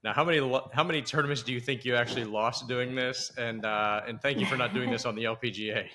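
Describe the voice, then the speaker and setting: A man's voice: mid-range voice, fast, background noise. A man hosting a podcast, telling golf stories animatedly and asking guests questions. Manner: animated anecdote telling, soft-spoken when asking questions. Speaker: podcast host. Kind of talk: casual storytelling and interviewing.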